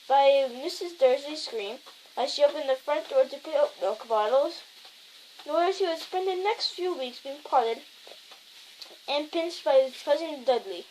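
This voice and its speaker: High-voiced woman reading a storybook aloud. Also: unhurried, a little mellow, slight background noise, rough recording. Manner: stumbling reading with self-corrections. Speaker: reader.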